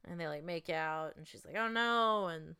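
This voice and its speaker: A woman's voice: deep voice, little pitch movement, normal speed, vocal fry, smooth. A young woman co-hosting a podcast, chatting casually about a movie with playful jokes and trivia. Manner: playful, jokey, drops trivia and quips. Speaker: podcast co-host. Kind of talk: casual movie recap chat.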